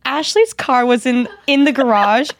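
A young woman co-hosting a podcast, telling a story in lively casual chat and acting out quotes with squeals. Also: high-pitched, moderate pace, dry recording, studio quality. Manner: animated, acts out quotes in a squealing voice. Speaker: podcast co-host.

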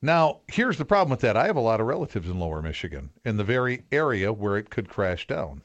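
A man's voice: fairly low pitch, big pitch swings, fast talker, dull audio. A man who is a radio show guest, joking and laughing in casual banter.

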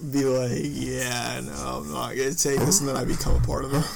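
A man's voice: mid-range voice, flat delivery, a little fast, creaky, very noisy. A young man co-hosting a casual podcast, talking hesitantly with lots of fillers. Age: young adult. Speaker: podcast co-host.

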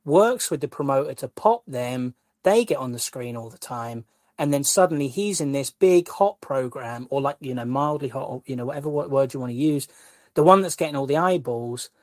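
A man, a guest co-host and wrestling columnist, ranting in an animated, exasperated way during casual podcast chat. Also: mid-range voice, dry recording.

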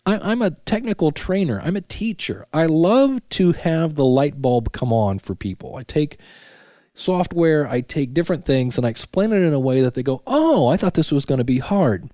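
A man's voice: on the high side, animated, normal speed, mellow, no room sound, studio quality. A middle-aged man hosting a casual solo podcast from his basement, chatty and full of restarts and self-talk asides. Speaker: podcast host. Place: home basement. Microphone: studio microphone.

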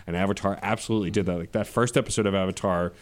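A man with a fairly low voice speaks on a laid-back podcast. He thinks out loud, piles on fillers and restarts, and builds his points slowly. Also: fairly even intonation. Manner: thoughtful, rambling, lots of fillers. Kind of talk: casual chat.

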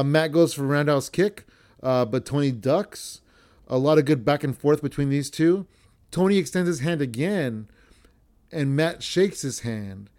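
A man's voice: on the high side, darkish tone. A man hosting a podcast, recapping a match in a rambling, profane, self-correcting way. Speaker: podcast host.

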